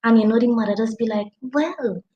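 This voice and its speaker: A woman with a Trinidadian accent, chatting casually about a book as a podcast co-host, telling it with animated dialect. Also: a little high, rapid-fire, echoey room, highs cut off. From Trinidad and Tobago. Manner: animated, dialect-heavy storytelling. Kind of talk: casual book review chat.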